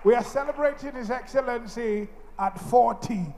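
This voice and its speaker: A man emcees an event in a very high, eager voice. He keeps calling on the crowd to cheer and celebrate. A faint hiss of ambient noise sits behind him. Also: normal speed, long reverb tail. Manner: excited, urges applause. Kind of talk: hyping an audience.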